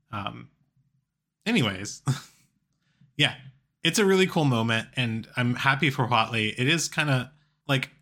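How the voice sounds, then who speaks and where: Male podcast co-host, casual recap, bright tone, easygoing and chatty. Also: mid-range voice. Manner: relaxed, chatty, filler-heavy. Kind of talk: casual chat recapping stories.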